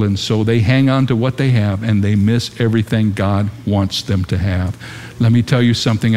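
Man, pastor, sermon, mid-pitched, passionate swells, echoing auditorium. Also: a little mellow, smooth. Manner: impassioned, rising and falling emphasis.

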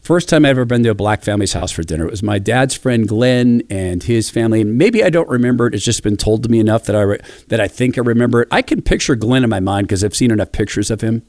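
A middle-aged man from the Pacific Northwest of the United States, sharing personal stories with enthusiastic, reflective warmth. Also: on the low side, animated, quick pace, hardly any pauses, no room sound. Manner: warm storytelling, enthusiastic and reflective. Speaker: speaker.

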